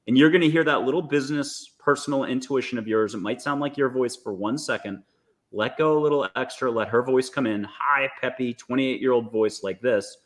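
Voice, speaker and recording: A man, a guest speaker, leading a guided visualization in an animated, coaxing way with little jokes. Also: medium pitch, fairly quick. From United States. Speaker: guest, angel intuitive.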